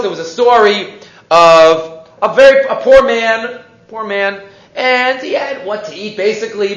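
A man's voice: high voice, bright, forceful tone. A man teaching a Torah class, quoting Hebrew texts, translating them, and often restarting his sentences. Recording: echoey, dull lo-fi room recording.

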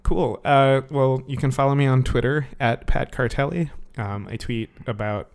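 A man's voice: mid-range voice, fairly even intonation, moderate pace, gravelly, smooth. A man talking as a podcast guest, casual and hesitant, with lots of fillers. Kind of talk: casual interview chat.

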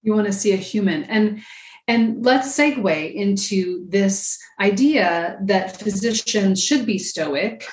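Woman, podcast host, supportive, medium pitch, roomy echo. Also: slow, darkish tone. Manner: supportive, brief affirmations. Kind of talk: casual interview conversation.

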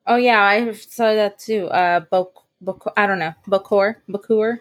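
A woman with a mid-range voice chimes in during a casual podcast chat. She is chatty and eager, tossing in quick reactions and short stories of her own. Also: medium pitch, a bit bright, dry recording. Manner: chatty, enthusiastic, quick back-channel replies. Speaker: podcast co-host.

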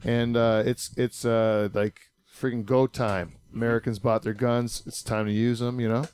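A man's voice: medium pitch, little pitch movement, normal speed, a little mellow, smooth. A man hosting a casual podcast chat, rambling, joking and spinning out hypotheticals. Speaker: podcast host.

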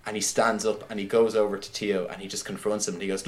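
A man in casual conversation, retelling a film scene by scene in an animated way, with many "like"s. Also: fairly low pitch, fast talker, hardly any pauses. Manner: animated retelling, heavy use of "like". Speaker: podcast guest discussing films.

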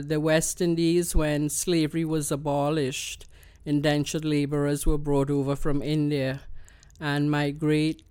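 A woman with a Trinidadian accent, a guest explaining her views in an earnest, measured way. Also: sits low, a little mellow, smooth, no echo. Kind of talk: conversational interview.

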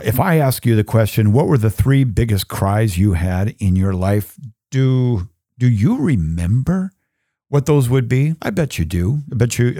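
Middle-aged male podcast host from Minnesota, folksy and chatty, mellow voice, dry close sound. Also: mid-range voice, no room sound. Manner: chatty, folksy, animated asides. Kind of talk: casual Catholic teaching talk.

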